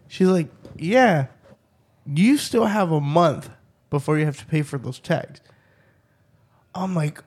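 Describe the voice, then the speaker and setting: Young man, slow and laid-back, swears freely, casual storyteller. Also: a little high, expressive, a little mellow, breathy edge. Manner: rambling storyteller, swears a lot, acts out both sides. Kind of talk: casual profane chat.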